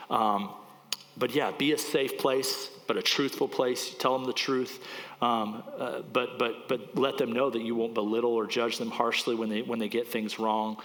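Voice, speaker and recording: A man's voice: mid-range voice, steady tone, normal speed, fairly bright tone. A man in his forties, a pastor teaching in a casual, rambling way, at times choked up with emotion. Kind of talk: sermon, conversational teaching. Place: church. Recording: church hall with long reverb.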